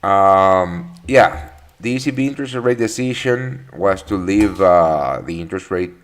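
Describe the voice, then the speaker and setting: A man's voice: sits low, lively intonation, unhurried. A man hosting a live trading webinar, chatting casually, greeting viewers by name with many fillers and restarts. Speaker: trading session host.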